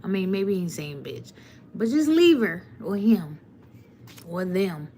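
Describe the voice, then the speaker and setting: This tarot reader talks straight to her live-stream audience, delivering blunt, preachy readings over a webcam or phone mic. She has a lowish, dark-toned voice that is very animated yet a little slow, and there's faint hiss or hum.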